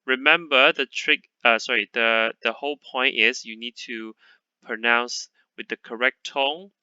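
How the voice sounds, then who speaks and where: A man teaching a lesson to a class in English, patient and repeating words slowly, checking in with "okay?" often. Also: medium pitch, fairly even intonation, bright, forceful tone, clear, resonant tone, no room sound, dull audio. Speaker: Chinese teacher.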